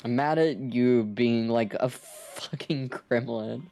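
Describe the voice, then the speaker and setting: A man's voice: medium pitch, slow pace, dark tone. A man chatting casually with his viewers on a live art stream, playful and teasing, swearing freely. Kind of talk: casual live stream chat while drawing.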